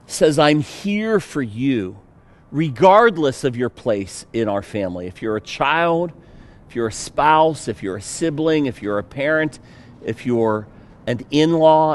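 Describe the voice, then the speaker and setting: A man with a Pittsburgh accent preaches a sermon in a relaxed, conversational way. He jokes easily and uses filler words. He talks slowly and takes his time. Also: medium pitch. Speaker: pastor.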